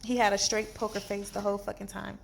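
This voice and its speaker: A woman telling a storytime vlog from a hospital bed after surgery, animated and exasperated, in pain. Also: medium pitch, quick pace, gravelly, slight background noise. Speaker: vlogger.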